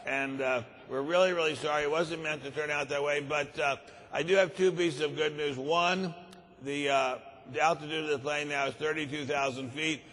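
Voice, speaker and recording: A man putting on a cheerful airline pilot who stays courteous while hesitating. The voice sits a little high. It rings out with a long reverb in a large conference hall. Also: a bit bright. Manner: breezy, apologetic, many hesitant ums. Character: calm male airline pilot, cheerfully polite.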